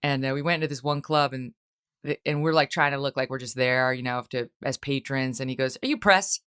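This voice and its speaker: A middle-aged woman hosting a talk show, chatting casually and telling lively stories in which she acts out quoted voices. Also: a bass voice, a little fast, smooth. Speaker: host. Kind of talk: casual chat.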